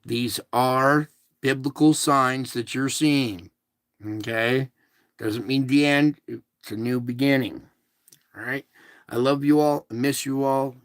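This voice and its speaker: A man hosting a casual spiritual show, talking in a slow, soothing, repetitive way to reassure his listeners. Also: medium pitch, gravelly, no room sound, clean studio sound. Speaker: show host. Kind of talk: casual spiritual livestream talk.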